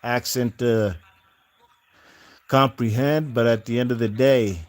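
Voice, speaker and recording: A man's voice: mid-range voice, steady tone, slow. A man hosting a boxing channel, giving casual post-fight commentary in a rambling, slangy way with lots of fillers and restarts. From not from the UK.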